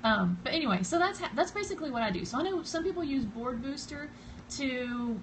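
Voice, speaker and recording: Woman, Southern US accent, casual live-stream tutorial, chatty, rambling, fillers, phone camera mic, steady background noise. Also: sits high, a little fast, poor audio. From Southern United States. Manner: greets and thanks viewers by name as they join. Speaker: blogger hosting a live stream.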